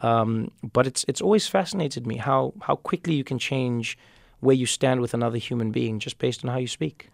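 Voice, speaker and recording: A man in his thirties from South Africa tells stories in an animated, restless way during a relaxed interview. His voice has a gravelly edge at a middling pitch, recorded close in a dry studio. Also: no echo. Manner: animated storyteller, quick, with frequent restarts. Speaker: comedian and talk show host, interview guest.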